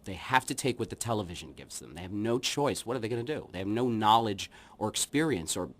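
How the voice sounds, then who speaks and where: A man who is a children's musician, chatting as a guest in a radio studio interview, wry and rambling, with his voice often trailing off into quieter asides. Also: on the low side, expressive, fast talker. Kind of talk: casual radio interview chat.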